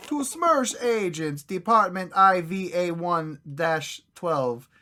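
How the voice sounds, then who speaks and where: A stern Soviet security official recites his orders in a thick mock Russian accent, as a man puts him on. The voice sits higher and louder than a normal speaking voice, and it stumbles and cracks with laughter as it goes. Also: expressive, full character voice. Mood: commanding. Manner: halting, breaks off laughing.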